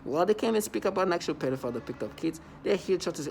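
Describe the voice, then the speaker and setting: A man's voice: high-pitched, expressive, racing, gravelly, darkish tone, slight background noise. A man in a rambling, scornful monologue to his viewers, repeating himself and breaking into mocking laughter. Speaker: vlogger. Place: New York City.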